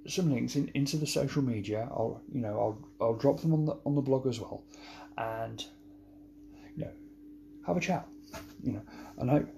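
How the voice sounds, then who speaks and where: A man hosting a podcast, signing off in a rambling, halting way that keeps repeating words. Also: medium pitch, vocal fry, dark tone, a little hiss or hum. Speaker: podcast host. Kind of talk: casual podcast sign-off.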